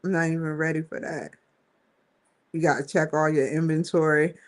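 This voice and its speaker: A woman's voice: low voice, steady tone, moderate pace. A woman hosting a casual live stream, rambling and slangy, often giggling as she talks. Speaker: host.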